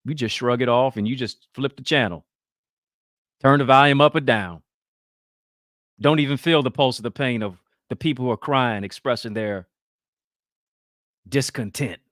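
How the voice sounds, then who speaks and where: A man's voice: medium pitch, moderate pace, pauses often, a bit bright, no echo, studio quality. A man hosting a talk show, giving emphatic, preacher-like motivational commentary.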